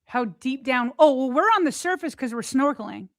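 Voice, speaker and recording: High-voiced woman telling a story. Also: moderate pace, dry recording. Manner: animated retelling, many "like" fillers. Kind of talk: casual storytelling chat.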